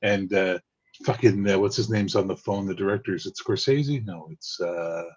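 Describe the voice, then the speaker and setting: A man's voice: low voice, moderate pace, darkish tone, breathy edge. A man talking casually as a guest, loose and profane, often restarting his sentences. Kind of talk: casual chat. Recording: dull lo-fi mic.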